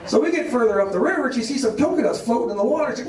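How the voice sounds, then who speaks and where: Rambling stand-up comic in an echoey club. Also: male voice, extremely high pitch, lively intonation, racing, far from the mic, background noise. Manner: rambling self-deprecating storytelling. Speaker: stand-up comedian. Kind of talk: stand-up comedy set. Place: comedy club stage. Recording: echoey club, voice off-mic, crowd laughter. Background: audience laughter.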